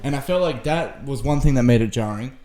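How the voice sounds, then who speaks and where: A man's voice: medium pitch, a little fast, a crowd in the background. A man in a casual review chat, blunt and swearing casually. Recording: echoey room.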